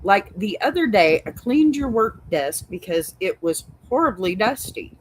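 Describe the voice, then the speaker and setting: A woman's voice: mid-range voice, big pitch swings, measured pace, slight background noise, low-quality recording. A Texan woman hosting an advice show, reading out a reader's story and then giving a blunt, sassy verdict. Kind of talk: reading and reacting to advice stories. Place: home with a dog.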